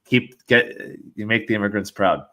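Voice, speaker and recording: A man's voice: fairly low pitch, normal speed, fairly bright tone. A man hosting a podcast who chats in a casual, friendly way as he wraps up an interview. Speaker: podcast host.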